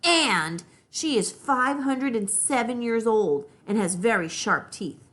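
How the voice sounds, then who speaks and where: A woman's voice: a little high, lively intonation, slow pace, fairly bright tone, pitched above the performer's own voice. A woman doing a teasing big brother telling spooky tales. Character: older brother teasing his little sister.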